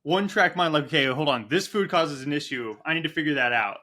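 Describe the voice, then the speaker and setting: A man's voice: fairly high pitch, brisk, sharp tone. A man hosting a podcast, enthusiastic and laughing along as he reacts to his guest's story. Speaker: podcast host. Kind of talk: casual interview chat.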